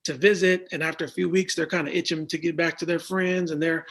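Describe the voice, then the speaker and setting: Husky-voiced man, relaxed and reflective. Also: a little high, fairly quick. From United States. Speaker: guest. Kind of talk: casual interview over a call.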